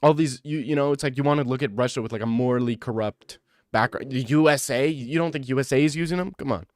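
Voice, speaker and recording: Young man, casual stream chat, rambling, slangy jokes, mid pitch, dry close sound. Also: fast, no echo.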